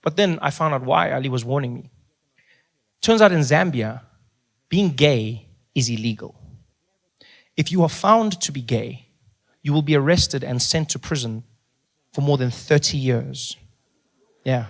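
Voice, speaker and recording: A man from South Africa doing a stand-up comedy routine on a theater stage, telling animated stories and acting out the people in them. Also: medium pitch, unhurried, creaky, long pauses. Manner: animated storytelling, acts out characters. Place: theater stage before a live audience.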